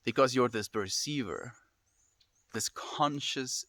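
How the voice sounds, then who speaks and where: Speaking slowly in a medium-pitched voice that sounds pushed and bright, a young man streams with no room sound. He chats casually with viewers, rambling earnestly and from the heart, sighing often and saying "dude" throughout.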